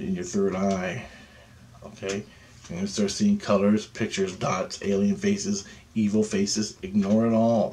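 A man's voice: lowish voice, a little hiss or hum. A man leading a guided meditation who talks in a profane, insistent way and keeps asking "okay?". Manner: grows louder and more animated as he goes. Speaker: meditation teacher.

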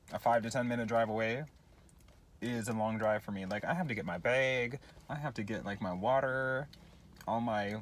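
A man's voice: medium pitch, slight background noise. A young man chatting casually to his phone camera in a vlog, rambling and self-deprecating, apologizing often between tangents. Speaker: vlogger.

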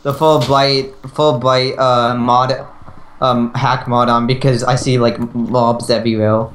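A man chatting casually while gaming, in halting phrases full of restarts. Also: medium pitch, level tone, fairly bright tone. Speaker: gamer. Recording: roomy mic with faint hiss.

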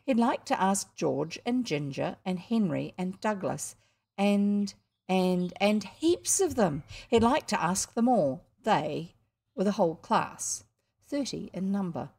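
A woman's voice: medium pitch, animated, slow, vocal fry, a little mellow, breathy edge. A woman with a New Zealand accent reading a children's story aloud, adding chatty asides to listeners. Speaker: audiobook reader.

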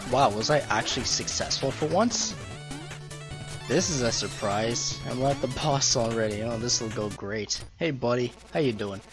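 Brief: mid-pitched man, excitable let's play commentary, faint game music behind. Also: a little slow. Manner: jokey, self-deprecating, excitable. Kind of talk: casual gameplay commentary.

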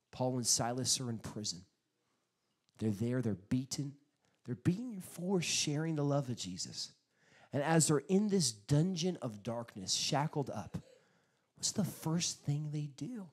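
A male pastor preaching a sermon, telling stories in an animated way, acting out quotes and bursting out loudly at times. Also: medium pitch, unhurried, slightly rough. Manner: animated storytelling with sudden loud bursts; acts out quotes in his stories.

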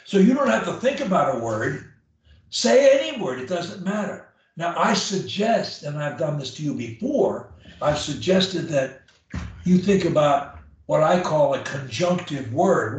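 A male speech coach talks slowly and bluntly, hammering his points home with repetition. His voice sits a bit high for a man. It sounds distant, caught in a very echoey room. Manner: blunt, emphatic, repeats key phrases. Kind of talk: one-on-one coaching session. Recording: echoey room, far from the mic.

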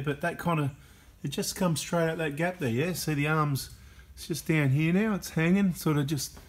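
A man's voice: a little high, noisy background. An Australian man hosting a vehicle workshop video, talking through the job in a chatty, joking way. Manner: chatty and joking, keeps checking in with "right?" and "mate". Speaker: mechanic and workshop host. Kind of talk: casual workshop commentary.

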